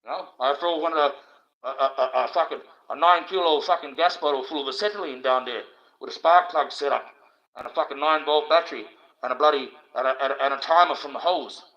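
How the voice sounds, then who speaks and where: A man's voice: a little high, a little fast. An Australian man ranting on a livestream, crude and profane, rambling with stumbling restarts. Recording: dull lo-fi stream audio.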